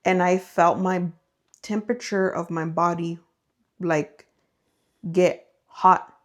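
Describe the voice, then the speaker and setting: A woman's voice: fairly low pitch, slow pace. A woman co-hosting a podcast, telling ghost stories casually and acting out the voices and noises in them. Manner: animated, acts out voices and sounds in her stories. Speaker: podcast co-host. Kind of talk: casual storytelling chat.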